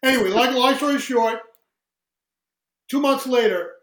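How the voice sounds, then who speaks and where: A man with a high-pitched voice tells a story as an interview guest, slipping into other people's voices and laughing as he goes. The room around him is echoey. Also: unhurried. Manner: animated storyteller who acts out quoted voices, laughs often. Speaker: guest, singer.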